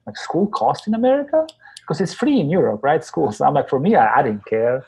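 Gravelly, husky-voiced man, Albanian accent, animated guest storyteller. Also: on the high side, fairly quick. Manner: animated storyteller, acts out quoted voices, laughs often. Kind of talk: casual storytelling interview.

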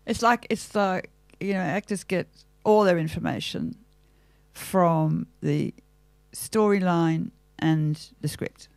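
An older Australian actress with a gravelly, crackly edge to her voice. She talks in a thoughtful, theatrical way, asking herself questions as she works through ideas. The sound is dry and close, with no room around it. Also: lowish voice, takes it slowly, no room sound. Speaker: actress, interview guest. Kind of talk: reflective interview talk.

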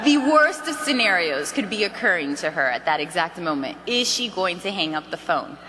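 A woman giving an energetic motivational sales training to a roomful of people, acting out phone calls as she goes. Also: on the low side, moderate pace, long reverb tail, heavy background noise. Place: meeting hall.

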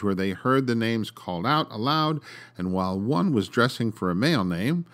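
A man hosting a podcast and reading a story aloud in an expressive, dramatic way. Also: lowish voice. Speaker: podcast host and narrator. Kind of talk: storytelling narration.

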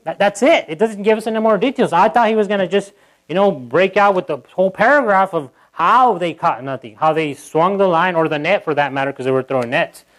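A pastor giving a sermon in church, talking in a loose conversational way with asides to the congregation and acting out quotes. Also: male voice, sits high, a little fast, poor audio. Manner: animated, acting out quotes in a livelier voice.

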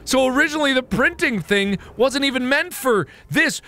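Giddy, lively-pitched man gaming. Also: normal speed, few pauses, faint music behind. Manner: manic and giggly, swinging from shouts to low murmurs. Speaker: gaming video host. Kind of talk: excited game commentary.

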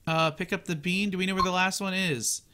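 Bright, excitable gaming host. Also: male voice, high-pitched, fairly quick, a little hiss or hum. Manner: excitable, narrates his own moves. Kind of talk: casual gameplay commentary.

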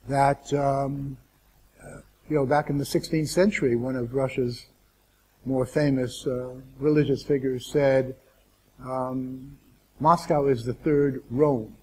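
Husky man giving a wry lecture. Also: medium pitch, darkish tone. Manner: deliberate, wry, with asides and restarts. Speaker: guest speaker. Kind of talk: lecture to a student audience.

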